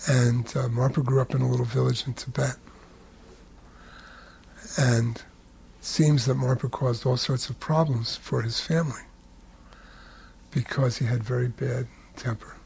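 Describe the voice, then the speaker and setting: A man telling a spiritual story in a relaxed, conversational way, with humorous asides. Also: medium pitch, unhurried, gravelly, pauses often, a little hiss or hum.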